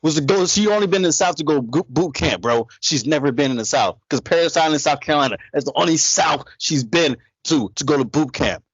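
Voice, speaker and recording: A man's voice: fairly high pitch, lively intonation, fairly quick, hardly any pauses, slightly rough, no room sound. A man chatting casually as a podcast co-host, retelling stories with emphatic repetition. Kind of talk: casual chat. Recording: dry, dull lo-fi audio.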